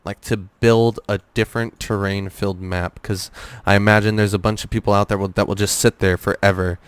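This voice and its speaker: Low, smooth-voiced young man telling stories. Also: level tone, fairly quick, no echo. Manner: rambling storyteller, many fillers and restarts. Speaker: guest. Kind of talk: casual podcast interview.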